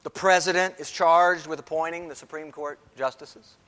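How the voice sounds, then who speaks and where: A pastor delivers an emphatic sermon in a church sanctuary, repeating key phrases for stress. His voice sits on the high side with a fairly bright tone, fairly even intonation and a normal pace. The large hall gives the recording a long reverb.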